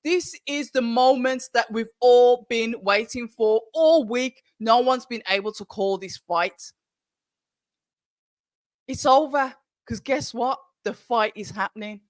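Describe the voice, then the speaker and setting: Excitable woman hosting a live watch-along. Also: a little high, slow pace, no room sound. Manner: excitable, chatty, talks straight to viewers. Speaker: livestream watch-along host. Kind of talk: excited live stream commentary.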